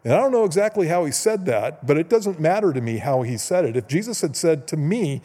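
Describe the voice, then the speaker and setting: A man's voice: fairly high pitch, very animated, mellow, slightly rough. Man preaching in a reverberant hall. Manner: conversational storytelling, quick asides and chuckles. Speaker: pastor. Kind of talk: sermon. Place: church sanctuary.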